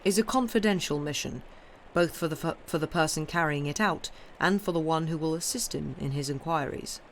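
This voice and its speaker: A woman's voice: deep voice, brisk, slight background noise. A woman reading aloud as a wary, insistent male police agent with formal, pressing questions.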